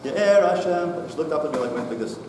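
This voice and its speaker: A man's voice: mid-range voice, racing, heavy background noise. A middle-aged man, a rabbi, telling a story to a congregation in a synagogue hall and acting out the dialogue. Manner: animated storyteller, acts out dialogue. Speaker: rabbi giving a talk. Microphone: distant mic, far from the speaker. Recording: echoey hall recorded from far off.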